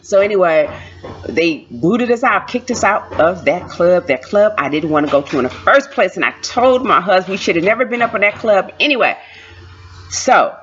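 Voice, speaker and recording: A woman vlogger telling a story in a chatty, animated way, repeating lines for emphasis, on a dull lo-fi recording. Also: mid-range voice, normal speed. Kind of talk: casual storytime.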